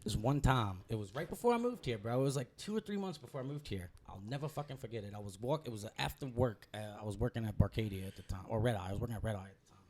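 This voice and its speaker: A man's voice: animated, rapid-fire, hardly any pauses, darkish tone. Young guy, stoned and cussing, telling a story on a podcast. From Louisiana. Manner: loose, profane, high storytelling. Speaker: guest comedian. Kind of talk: casual storytelling.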